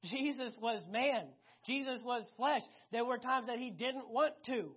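A preacher in full sermon mode, stressing points by repeating them and dropping from loud to hushed. The voice is husky and mid-pitched. It comes through a dull, lo-fi recording. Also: unhurried. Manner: animated, emphatic, repeats key phrases, swings between loud and hushed.

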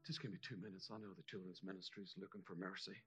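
A middle-aged man preaching as a guest pastor, telling a personal testimony in an impassioned sermon that moves between hushed moments and loud exhortation. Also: low voice, level tone, very fast, music in the background. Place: church service hall.

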